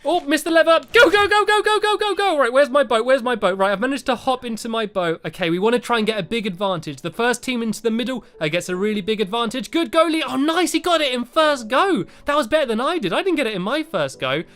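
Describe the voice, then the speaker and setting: Excitable gamer man, high and lively. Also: fast talker, few pauses. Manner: hesitant, full of "uh" fillers, turns excitable and cheering during play. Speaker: game channel host. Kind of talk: let's-play gameplay commentary.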